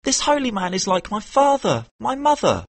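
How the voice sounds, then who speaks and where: A man's voice: high voice, huge pitch swings, gravelly, dry recording, voice pushed up, exaggerated voice. A man voicing a poor, clever street boy who pleads and schemes, in a storybook reading. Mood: pleading. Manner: pleading, quick-witted. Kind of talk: audiobook character voice.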